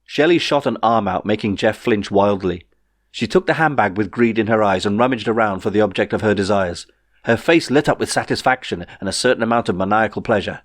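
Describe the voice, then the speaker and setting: A man narrating his own novel in a wry, measured storytelling way. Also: on the low side, dry recording, clean studio sound. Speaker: author reading his novel. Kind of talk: audiobook narration.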